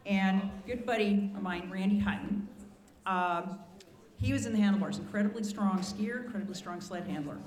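Older woman storyteller, in her sixties, anecdotal and lively, roomy echo. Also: medium pitch, moderate pace. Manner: animated anecdotal, many restarts and asides. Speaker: ski patroller telling stories. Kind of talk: storytelling to a gathering. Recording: echoey room.

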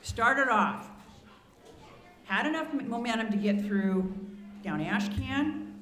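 Older woman storyteller, in her sixties, anecdotal and lively, roomy echo. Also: a little high, slow pace. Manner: animated anecdotal, many restarts and asides. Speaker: ski patroller telling stories. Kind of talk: storytelling to a gathering. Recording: echoey room.

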